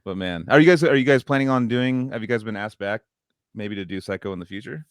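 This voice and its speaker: A man's voice: on the low side, fast talker, clean tone, no echo, clean studio sound. A man co-hosting a podcast, telling rowdy tour stories with heavy swearing and frequent laughter. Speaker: podcast co-host, metal musician. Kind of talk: casual chat.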